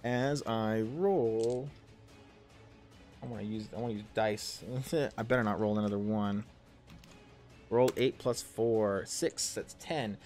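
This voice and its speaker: A man's voice: lowish voice, fairly even intonation, normal speed, a little mellow, soft background music. A man in his thirties narrating a tabletop game as game master and player, rambling with many ums and self-corrections, and swearing casually. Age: 30s.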